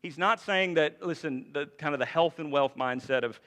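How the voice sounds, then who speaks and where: Male pastor, bright and forceful tone, chatty sermon delivery, long church reverb. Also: a little high, normal speed. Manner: conversational preaching with frequent rhetorical questions. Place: church sanctuary.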